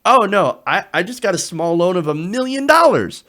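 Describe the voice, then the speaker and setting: A man's voice: sits high, big pitch swings, moderate pace, bright, forceful tone, voice pushed up, full character voice. A man putting on a mocking impression of a smug, boastful rich older man.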